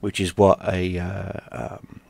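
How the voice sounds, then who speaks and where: A gaming streamer from London, speaking in a low voice, tells a personal story. He is animated and profane, and he acts out the shouted lines as he goes. The sound is dry and close, with no room echo. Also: takes it slowly, vocal fry. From London, England.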